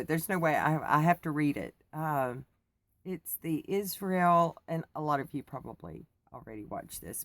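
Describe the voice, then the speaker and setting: A woman's voice: sits low, no room sound. A woman from the United States, chatting casually and rambling to her viewers in a vlog, laughing often. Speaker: vlogger. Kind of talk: casual chat to camera.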